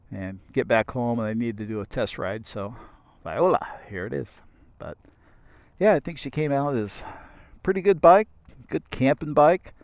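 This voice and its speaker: A man's voice: mid-range voice, no echo. Rambling man on a bike walkaround. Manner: rambling, relaxed, lots of fillers. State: dry throat, coughing. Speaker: motorcycle vlogger. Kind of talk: casual walkaround vlog. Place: outdoors by a motorcycle in the heat.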